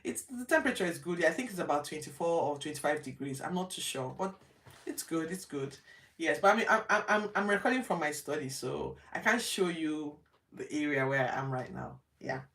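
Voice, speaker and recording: A woman from Nigeria casually retelling Bible stories from her home study, acting out the characters' lines with lively jumps in her voice. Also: deep voice, brisk, distant mic. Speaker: host of a Bible reading show. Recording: roomy, from off the mic.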